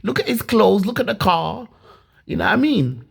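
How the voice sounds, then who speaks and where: A woman's voice: medium pitch, sing-song, moderate pace, gravelly, husky. A woman from Leeds telling her own story casually and animatedly, with many restarts and some swearing. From Leeds, England.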